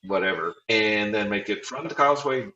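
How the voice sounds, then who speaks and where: A man's voice: lowish voice, fairly quick, bright, forceful tone, echoey room, lo-fi sound, a little hiss or hum. A man, a former band director, telling self-deprecating stories in a casual interview and acting out quotes with a laugh.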